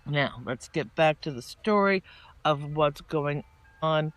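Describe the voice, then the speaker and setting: A man giving a casual spoken tarot reading. He rambles and often restarts his sentences, and he turns lively when he quotes people. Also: fairly high pitch, takes it slowly. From northeastern United States. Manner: chatty and meandering, with many restarts and asides; animated when quoting people in mock-casual voices. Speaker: tarot reader.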